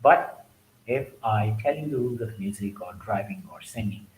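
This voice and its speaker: A man's voice: on the low side, expressive, normal speed, a little mellow. A man teaching exam preparation, listing numbered points and repeating example words as he goes. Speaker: English test teacher. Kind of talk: lecture. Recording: echoey room with faint noise.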